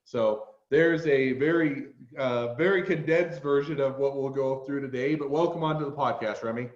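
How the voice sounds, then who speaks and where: A man's voice: medium pitch, normal speed, roomy sound, highs cut off. A man with a Utah accent hosting a podcast interview, rambling and drifting into side tangents. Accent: Utah American. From Utah, USA. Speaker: podcast host. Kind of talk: casual interview.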